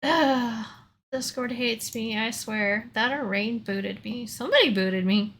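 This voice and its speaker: A woman's voice: on the high side, a little slow, fairly bright tone, slight background noise. A woman hosting a karaoke live stream, chatting casually and laughing often.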